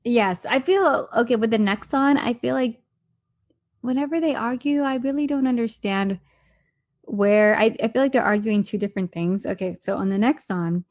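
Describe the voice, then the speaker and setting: A woman chatting casually as a recap show host, retelling scenes and quoting people in animated voices. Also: fairly high pitch, normal speed. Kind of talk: casual chat.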